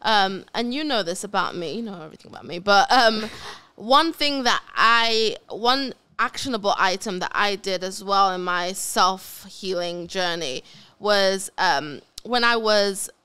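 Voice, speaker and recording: A woman's voice: mid-range voice, a little slow, sharp tone, clear, resonant tone. A woman guest on a podcast, chatting casually and playfully and laughing often. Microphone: studio microphone, headphones.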